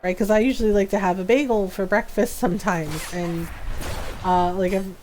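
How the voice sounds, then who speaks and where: A middle-aged woman streaming a game, chatting casually and telling an animated story, laughing often and acting out what people said. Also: mid-range voice, normal speed. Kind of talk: casual chat while gaming.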